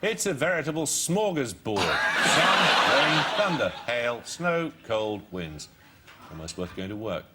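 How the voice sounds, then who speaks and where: A man reading a sardonic, deadpan weather report as a news presenter. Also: medium pitch, takes it slowly, very noisy. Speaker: newsreader in a played clip.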